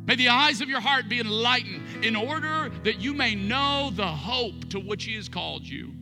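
A man preaching a sermon as pastor, animated and playing out both sides of imagined conversations in a large church. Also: very high voice, normal speed, music in the background.

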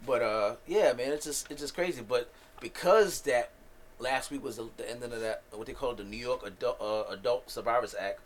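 A man's voice: medium pitch, normal speed, a little hiss or hum. A man hosting a podcast in loose, profane, joking casual chat. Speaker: podcast host.

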